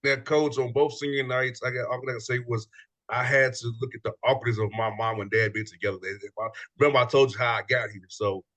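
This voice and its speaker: Bright-voiced playful host, a man. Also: mid-range voice, steady tone, fast. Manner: playful, laughs often. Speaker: show host. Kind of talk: casual chat.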